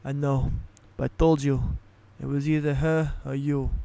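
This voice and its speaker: A gruff mafia boss with a thick Italian accent, as a man puts him on for a comedic spoken story. He mumbles his words in a smooth voice. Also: mid-range voice, level tone, unhurried, warm tone. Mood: cold. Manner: mumbled, heavy exaggerated accent.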